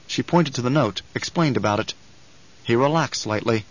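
A man narrates a novel in an even, measured way, at a middling pitch. The recording has a dull, lo-fi sound. His reading stays steady throughout. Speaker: audiobook narrator. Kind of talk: scripted narration.

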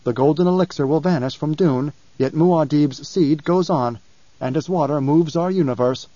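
A man voicing a young god-emperor, calm and imperious, speaking in a measured, commanding way. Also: fairly high pitch, no room sound, muffled recording, lightly acted. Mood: cryptic.

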